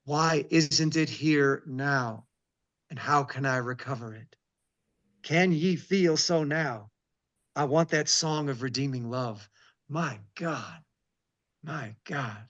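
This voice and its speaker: Rabbi reading scripture with emphatic asides. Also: male voice, mid-range voice, a bit bright, muffled recording. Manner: reads scripture slowly and emphatically, breaks off with asides. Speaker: rabbi, interview guest. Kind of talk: devotional reading and reflection.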